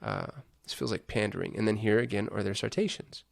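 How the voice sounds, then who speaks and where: A man's voice: lowish voice, big pitch swings, brisk, gravelly. A man hosting a casual screen-share walkthrough on digital marketing, thinking aloud with chatty asides.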